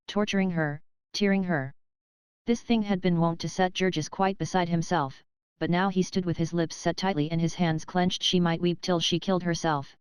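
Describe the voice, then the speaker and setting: A woman narrating a classic novel as an audiobook in a steady, measured storytelling manner. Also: lowish voice, clear, resonant tone, no echo, poor audio.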